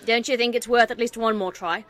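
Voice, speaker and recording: A woman voicing an anxious, pushy older mare mother, speaking in a louder, insistent way. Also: on the high side, steady tone, brisk, close to an everyday voice.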